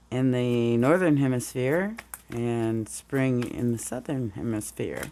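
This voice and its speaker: A woman's voice: extremely low pitch, animated, slow, dark tone, a little hiss or hum. A woman reading tarot cards in a casual, meandering way, a little under the weather with a groggy morning voice. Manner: meandering, talks through the cards as she goes. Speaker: tarot reader.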